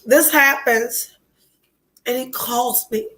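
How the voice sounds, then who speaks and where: High-voiced woman, blunt and stuffy-nosed. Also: slow pace, a bit bright, rough recording. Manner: blunt, profane, emotionally open. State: stuffy nose from a cold. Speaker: podcast host. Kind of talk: candid podcast monologue.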